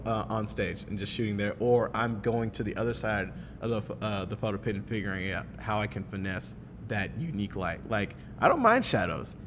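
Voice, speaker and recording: A man guesting on a casual podcast, talking animatedly with lots of fillers and swearing, in a reverberant room with a faint rumble. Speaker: guest photographer.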